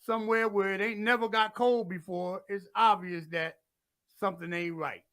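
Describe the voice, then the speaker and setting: A man talking casually as a guest musician, loud and blunt, with folksy sayings. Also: sits high, fairly even intonation, normal speed, no echo. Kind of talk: casual chat.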